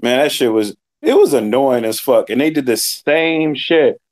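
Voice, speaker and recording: A man's voice: mid-range voice, unhurried, a little mellow. Laid-back swearing young man. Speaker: co-host. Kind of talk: casual ranting chat.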